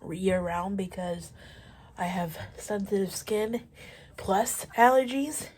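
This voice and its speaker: A woman's voice: mid-range voice, slow, breathy edge. A woman in her twenties chatting casually in a vlog, her voice stuffy from allergies, rambling along with plenty of fillers while riding an exercise bike at home. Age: 20s. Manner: rambling, relaxed, lots of fillers. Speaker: vlogger.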